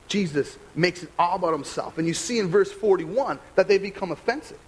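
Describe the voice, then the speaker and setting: Young american pastor guy preaching, chatty and animated, slightly high voice, faint room hum. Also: a little fast, few pauses, rough recording. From United States. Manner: animated, conversational, rhetorical questions. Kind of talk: sermon.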